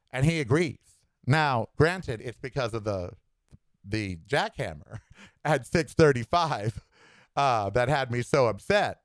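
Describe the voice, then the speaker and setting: A man's voice: medium pitch, expressive, slow, dry recording. A man hosting his own show, telling a story in a blunt, exasperated solo rant on a dry close mic. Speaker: podcast host. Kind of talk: ranting solo monologue.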